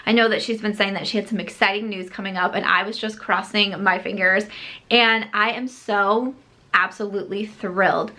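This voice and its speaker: A woman beauty vlogger talks straight to camera in an easy, chatty way. Her voice is bright and forward, set at an ordinary pitch for a woman. She gushes excitedly, piles on the filler "like", and corrects herself as she goes. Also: normal speed. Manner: frequent filler "like" and self-corrections. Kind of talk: casual chat to camera.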